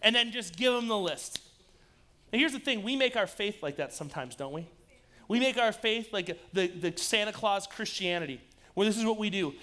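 A man preaching a lively youth-group sermon, joking and talking straight to the students in front of him. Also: extremely high pitch, moderate pace. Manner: joking, energetic, addresses the audience directly. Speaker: youth pastor.

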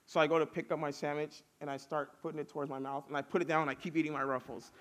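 A man's voice: on the high side, flat delivery, brisk, fairly bright tone. A man preaching casually to young people, telling stories with lots of fillers. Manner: chatty storytelling with many fillers. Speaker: youth pastor.

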